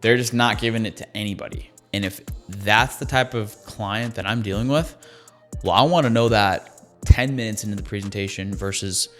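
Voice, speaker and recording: A man's voice: lowish voice, normal speed, a bit bright, soft background music. A man giving sales training in an emphatic, conversational way, repeating his key phrases. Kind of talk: coaching talk on sales calls.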